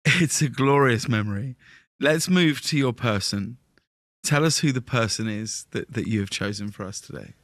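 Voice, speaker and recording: A man's voice: medium pitch, lively intonation, moderate pace, fairly bright tone, no echo, studio quality. A male host of an interview show, reacting briefly and steering to the next question. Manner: responsive listener with short reactions. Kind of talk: interview podcast.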